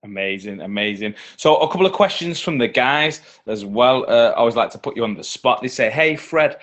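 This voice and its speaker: Male host, relaxed, loose questions with ums and restarts. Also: medium pitch, fairly quick. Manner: easygoing, rambling questions with fillers. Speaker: host of the training call. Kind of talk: casual interview questions.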